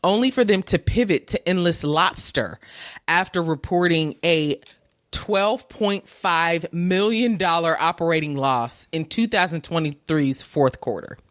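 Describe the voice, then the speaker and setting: A woman's voice: fairly low pitch, unhurried, no room sound, clean studio sound. A woman co-hosting a podcast, chatting casually and reading news aloud through bursts of laughter. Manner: giggly, reads news aloud between laughs. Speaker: podcast co-host. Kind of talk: casual chat.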